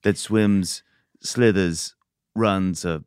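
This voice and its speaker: A man playing Santa Claus as a podcast guest, telling deadpan tall tales with playful asides. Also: sits low, drawn-out words, clear, resonant tone, no room sound, studio quality. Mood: joking. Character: jolly male Santa Claus, joking and tall-tale telling. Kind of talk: comedic in-character interview. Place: studio.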